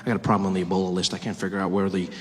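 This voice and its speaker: A man's voice: level tone, racing, husky, in a large hall. A man voicing a flustered male safety official who mutters anxiously in a stand-up routine. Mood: harried. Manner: low, muttering, harried.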